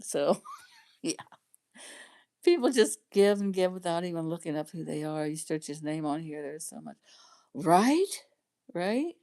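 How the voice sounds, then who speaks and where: A woman's voice: low-pitched, expressive, unhurried, long pauses, dark tone. A middle-aged woman chatting casually on her livestream, rambling and laughing often. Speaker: livestream host chatting with viewers.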